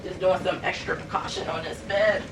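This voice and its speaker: A young woman vlogger, telling a story in animated, casual chat while cleaning her bedroom, addressing viewers as y'all. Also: lowish voice, fairly quick, recorded from a distance, a little hiss or hum, poor audio. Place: bedroom at home.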